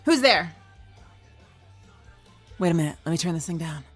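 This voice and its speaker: A woman's voice: sits low, flat delivery, rapid-fire, dark tone, breathy edge, faint music behind. A woman livestreamer chatting casually and playfully with her viewers, greeting people and joking around.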